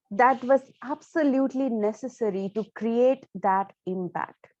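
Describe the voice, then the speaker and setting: A woman teaching public speaking to camera. She stresses key words and uses deliberate pauses. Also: mid-range voice, mellow, dry recording, dull audio. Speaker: speaking coach. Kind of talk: instructional talk to camera.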